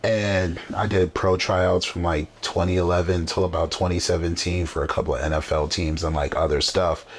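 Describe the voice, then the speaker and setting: A man's voice: low-pitched, little pitch movement, moderate pace, few pauses, a little hiss or hum. A man hosting a casual podcast chat, talking in a motivational, emphatic way. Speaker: podcast host. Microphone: camera setup on a desk.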